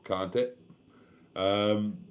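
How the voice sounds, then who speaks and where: Weary man, slow and emotional. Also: on the low side, fairly even intonation, a little hiss or hum. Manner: slow, rambling, emotional, thanking viewers. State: tired and a little tipsy. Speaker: YouTube vlogger hosting a live stream. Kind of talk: casual late-night live stream chat.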